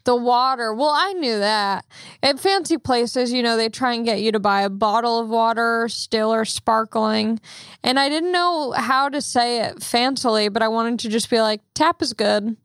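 Young woman podcaster, quick chatty storyteller, fairly high voice, dry mic. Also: fairly bright tone, clear, resonant tone, dry recording. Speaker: podcast host. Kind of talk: casual chat.

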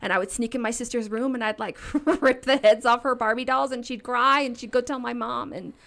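Animated woman telling stories, fairly high. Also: brisk, creaky. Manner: animated, laughing, acts out quoted voices. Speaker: podcast guest storyteller. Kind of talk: casual storytelling. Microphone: podcast studio mic.

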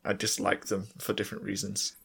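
A man's voice: fairly low pitch, monotone, brisk, gravelly, a bit bright, breathy edge. A man co-hosting a casual podcast, joking wryly with his friend. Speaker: podcast co-host. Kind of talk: casual chat.

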